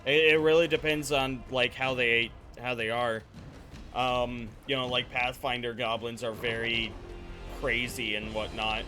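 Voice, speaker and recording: A man's voice: mid-range voice, level tone, unhurried, pushed and bright, faint music behind. A young man chatting casually while streaming a game live, rambling, playful, swearing and slipping into silly voices.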